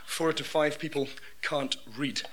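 A Scottish man hosting a radio comedy show, telling jokes in a dry, deadpan way. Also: on the high side, normal speed, heavy background noise. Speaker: comedy host.

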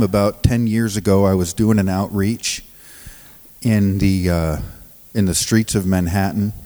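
A man preaching in a church sanctuary with a low voice and an unhurried, deliberate pace. He talks in halting bursts, restarts his sentences and often laughs through his stories. The hall gives his voice a long, ringing reverb. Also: darkish tone. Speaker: pastor of a recovery ministry. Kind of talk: sermon with storytelling.

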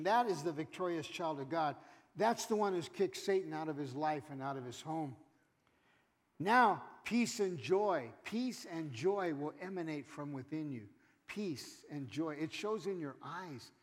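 A male pastor preaching a sermon, calling out to the congregation and acting out churchgoers in quoted asides. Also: on the high side. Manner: preaching with call-outs to the congregation. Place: church sanctuary. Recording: reverberant church hall with congregation.

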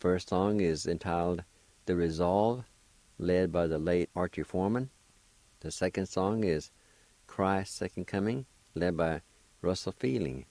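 A man hosting a radio language lesson, spelling out each word and repeating it slowly and deliberately, with gentle encouragement for beginners. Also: low voice, dry recording, low-quality recording. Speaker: radio host teaching a language.

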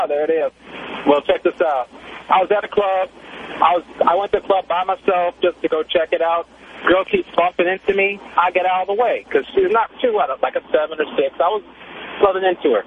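Young guy on a call-in show, high voice, tinny phone line, bit of hiss, slangy and boastful. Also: normal speed. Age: 20s. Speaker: caller. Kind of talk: call-in radio chat.

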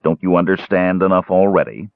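A man's voice: low-pitched, big pitch swings, unhurried, vocal fry, dry recording, heavily acted. A man voicing a stern ghostly old elf cleric. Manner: stern, solemn. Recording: tinny phone-like dry sound.

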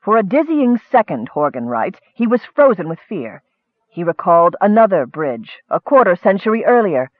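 High-voiced male narrator, tinny sound. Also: big pitch swings, normal speed, dry recording. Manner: scholarly asides addressed to a superior. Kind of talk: audiobook narration. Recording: thin phone-like dry audio.

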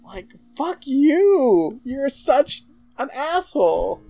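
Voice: high voice, very animated, drawn-out words, vocal fry, dark tone, faint music behind. A podcast co-host recapping a movie in casual chat, with sarcastic, exasperated asides.

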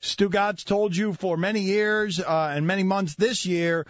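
High-pitched, animated male sports talk host; dry, dull studio mic. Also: unhurried, dry recording. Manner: animated, excitable, mock-shouting.

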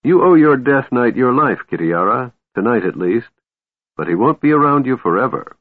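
A man's voice: medium pitch, big pitch swings, moderate pace, no room sound, pitched above the performer's own voice. Man doing a bitter, menacing warlord. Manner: scowling, bitter, snorting. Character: bitter, menacing male warlord, quick to anger. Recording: narrow phone-like sound, dry.

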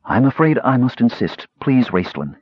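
A stern, grieving woman counselor in a storybook, as a man puts her on, clipped and formal in every phrase. The voice has a husky grain and sits in a dry, slightly muffled recording. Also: mid-range voice, big pitch swings, normal speed, no room sound, voice pushed up. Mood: grave. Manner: terse and formal.

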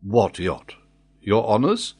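A man with a husky voice reading the lines of a faithful old sailor who answers calmly and plainly, in an audiobook. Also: fairly low pitch, takes it slowly, exaggerated voice. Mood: puzzled. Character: faithful old male ship's sailor, bewildered.

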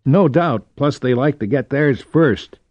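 A man's voice: medium pitch, expressive, measured pace, a little mellow, no echo, highs cut off. A man voicing a wry, streetwise young officer. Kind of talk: audiobook character voice.

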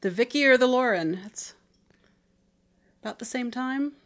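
A woman co-hosting a podcast, chatting casually with soft, tentative remarks. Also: on the high side, measured pace. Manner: soft, tentative, brief replies. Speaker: podcast co-host. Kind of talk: casual chat.

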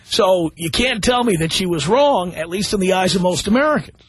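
A man's voice: high voice, animated, normal speed, husky, no room sound. A man hosting a call-in radio talk show, blunt and combative as he rants his opinions.

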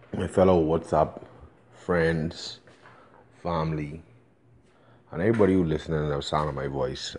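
Deep-voiced Bahamian man, urgently pleading. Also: darkish tone. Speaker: voice-note sender. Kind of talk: voice message monologue.

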